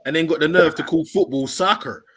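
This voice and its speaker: A man's voice: fairly high pitch, fairly quick, a bit bright. A man, co-hosting a podcast in casual banter, teasing his friends in slang-heavy talk. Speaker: podcast co-host.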